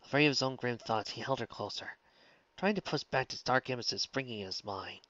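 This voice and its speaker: A man reading a fan fiction story aloud in steady, soft-spoken narration. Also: mid-range voice, a little fast, no room sound, muffled recording. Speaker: story reader.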